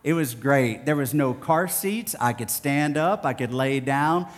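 Texas preacher guy, pitch jumps all over, tells stories playful, long hall echo. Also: a little slow, soft background music. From Houston, Texas. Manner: storytelling, animated and playful. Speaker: pastor. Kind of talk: sermon.

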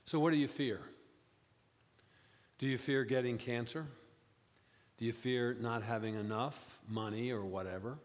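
A man preaching a sermon as pastor, telling stories and rising high in pitch for emphasis. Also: fairly even intonation, unhurried, pauses often. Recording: long reverb, as in a church.

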